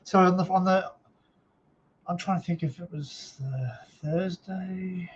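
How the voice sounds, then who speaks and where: An Australian man tells a painful personal story on his live stream, stopping and restarting often and filling the gaps with ums. His voice sits a little high for a man. The audio is dull and lo-fi. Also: a little hiss or hum. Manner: halting, many fillers and restarts. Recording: dull lo-fi sound.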